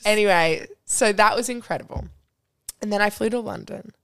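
A young woman, a podcast guest telling a story in casual chat, full of "like" and quick laughs. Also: mid-range voice, vocal fry, fairly bright tone. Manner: chatty storyteller, lots of "like" and laughs.

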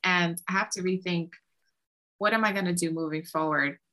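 Woman songwriter guest, bright voice, chatty storytelling w lots of "like", acts out conversations. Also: on the low side, normal speed. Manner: animated, acts out quoted exchanges with lots of "like". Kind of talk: casual interview storytelling.

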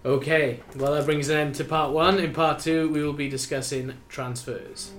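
A man hosting a talk show, moving briskly through segments and putting questions to his guests. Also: fairly high pitch, little pitch movement, over music. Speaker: host. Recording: roomy echo with faint background noise.

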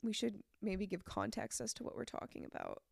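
A woman's voice: medium pitch, huge pitch swings, a little fast, creaky, darkish tone, slightly rough, no echo, studio quality. A young woman with a congested voice, telling stories in casual podcast chat as co-host. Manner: chatty, rambling storytelling.

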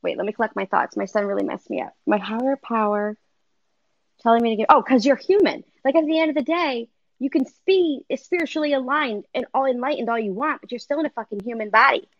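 A woman's voice: fairly high pitch, quick pace, dry recording, lo-fi sound. A woman in casual conversation as a podcast guest, chatty, often laughing and swearing casually. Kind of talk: casual chat.

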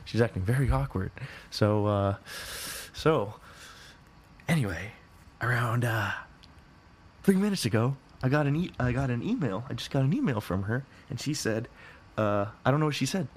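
A man's voice: mid-range voice, expressive, normal speed, pauses often, husky. A man in his twenties hosting a podcast in a rambling, repetitive monologue, often swearing and restarting his sentences. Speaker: podcast host.

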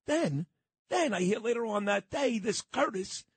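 A man's voice: high voice, lively intonation, unhurried, breathy edge, no echo. A middle-aged man hosting talk radio, brash and teasing, swearing freely and cutting in on his guest. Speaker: radio host.

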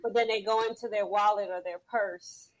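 A middle-aged woman speaking in a relaxed group conversation at a medium pitch. She tells her story in a measured, earnest way, pausing to search for words. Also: slight background noise, low-quality recording. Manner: measured, earnest storytelling with frequent "you know". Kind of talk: casual chat.

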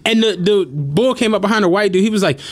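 A man's voice: high-pitched, quick pace. A young man, a podcast co-host, telling stories in a loose casual chat, acting out what people said and laughing often. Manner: animated, acts out quotes, laughs often.

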